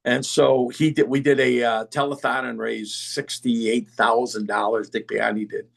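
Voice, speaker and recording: A middle-aged man, a podcast guest, telling stories in a casual, animated way and acting out the voices of people he quotes. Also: medium pitch, measured pace, creaky. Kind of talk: casual storytelling.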